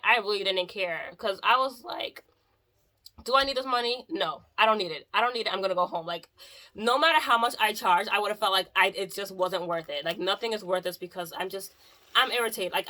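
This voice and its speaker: A mobile hairstylist tells a story about a client in a casual storytime vlog, sounding exasperated and chatty and using "like" constantly. Her voice is medium-pitched, pushed and bright.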